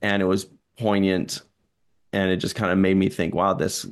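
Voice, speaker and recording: A man's voice: sits low, level tone, moderate pace. A man co-hosting a casual chat show, laughing often and acting out lines in silly voices. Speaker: podcast co-host.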